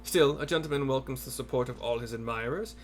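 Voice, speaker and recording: A man's voice: mid-range voice, quick pace, faint music behind, lightly acted. A man voicing a grandiose, self-assured inspector who speaks in florid, old-fashioned formal phrases.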